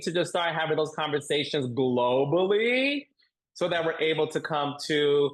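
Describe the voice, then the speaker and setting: A man talking as a guest on a podcast interview, emphatic and animated, repeating points for stress. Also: fairly high pitch, normal speed, low-quality recording. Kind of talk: casual interview chat.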